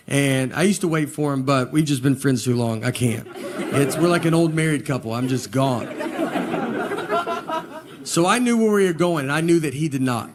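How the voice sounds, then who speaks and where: A man doing a stand-up comedy set, telling stories in a dry, deadpan way before a laughing crowd. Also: a little high. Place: live venue with audience laughter. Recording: noisy live show recording.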